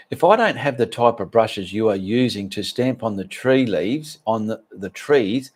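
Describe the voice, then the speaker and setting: A man's voice: fairly low pitch, darkish tone. A man with an Australian accent hosting a live art stream, chatting with viewers and reading out their names and messages. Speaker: art channel host.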